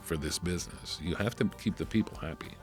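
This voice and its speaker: A man with a New Jersey accent telling lively film-set stories in an interview, acting out what others said and swearing casually. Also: sits low, fast, soft background music. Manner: animated anecdotes, acts out quoted voices, swears casually. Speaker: film crew member, interview guest.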